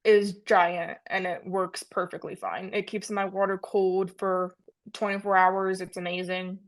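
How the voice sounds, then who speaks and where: A woman's voice: medium pitch, flat delivery, measured pace. A young woman co-hosting a casual podcast, easygoing, swearing and laughing with a friend. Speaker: podcast co-host. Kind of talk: casual chat.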